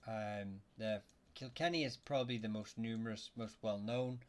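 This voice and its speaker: A man's voice: on the low side, steady tone, moderate pace. A man hosting a livestream and answering viewers' questions, with lots of "uh" and "um" and frequent restarts. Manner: hesitant, many fillers and restarts; reads chat questions aloud. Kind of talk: casual livestream chat.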